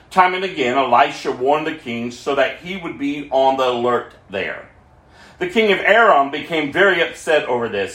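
A pastor with a fairly bright, somewhat high voice preaches a sermon, reading scripture aloud and pausing for asides to his listeners. The recording carries a roomy echo.

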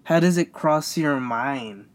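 A man's voice: fairly high pitch, takes it slowly. A young man rambling in a casual solo podcast, stammering and repeating himself, frustrated and venting. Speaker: podcast host.

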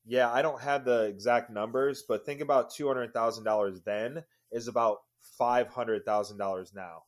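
A man's voice: mid-range voice, steady tone, moderate pace. A man hosting a podcast interview, chatting casually and joking with his guest. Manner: casual, joking asides to listeners. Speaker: podcast host.

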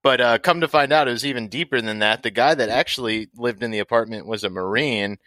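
A man's voice: mid-range voice, fast, sharp tone, no room sound. A man co-hosting a casual podcast chat over drinks. He talks in a laid-back way, laughs often and swears casually. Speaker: podcast co-host.

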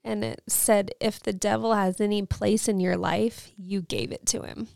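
A woman's voice: medium pitch, steady tone, normal speed, creaky, darkish tone, dry recording, clean studio sound. A woman in her thirties co-hosting a faith podcast, telling a story earnestly and with emotion. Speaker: podcast co-host.

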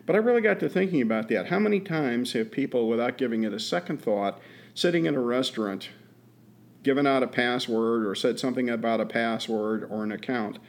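A man co-hosting a podcast, telling stories in a folksy, unhurried way. He fills pauses with frequent "uh"s and restarts his sentences. His voice sits at a middle pitch. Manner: folksy storytelling with many "uh" fillers and repeats. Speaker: podcast co-host. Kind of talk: casual chat.

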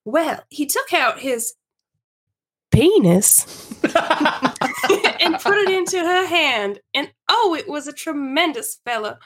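A woman's voice: high voice, expressive, slow pace, pauses often, a bit bright, voice pushed up, full character voice. A woman reading aloud as a prim Victorian young woman, confiding a scandalous secret to her friends with breathless storytelling.

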